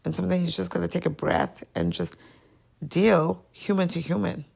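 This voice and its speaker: A woman's voice: lowish voice, big pitch swings, moderate pace, creaky, a little mellow. A woman hosting a podcast, talking candidly and emotionally about a past relationship in a confessional monologue. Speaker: podcast host.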